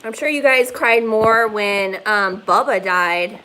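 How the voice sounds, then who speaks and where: A woman with a medium-pitched voice speaks slowly, her tone pushed and bright, over a rough recording with a faint hiss or hum. She's hosting a casual livestream from her phone, rambling, swearing, and leaning heavily on "like" as a filler.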